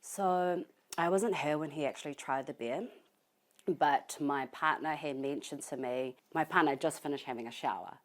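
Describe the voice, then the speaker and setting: Low-voiced grieving New woman. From New Zealand. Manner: soft, halting, many pauses and fillers. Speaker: grieving family member being interviewed. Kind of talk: emotional interview testimony. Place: family home, indoors.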